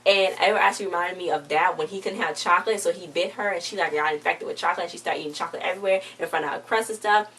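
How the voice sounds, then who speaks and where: A woman's voice: lowish voice, racing, few pauses, a bit bright. A young woman in a casual review, rambling through a TV episode and slipping into playful quoted voices. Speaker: TV show reviewer. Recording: distant mic, faint background noise.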